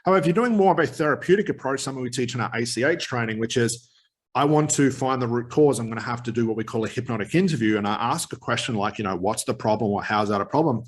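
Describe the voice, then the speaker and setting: A man teaching hypnotherapy technique straight to camera, energetic and emphatic, with quick asides. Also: mid-range voice. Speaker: hypnotherapy trainer. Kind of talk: direct-to-camera teaching talk.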